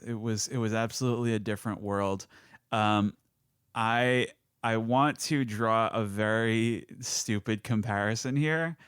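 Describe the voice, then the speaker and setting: A man guesting on a podcast, talking in a hesitant, halting way with many restarts. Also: lowish voice, a bit bright, smooth, no room sound, clean studio sound. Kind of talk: casual podcast chat.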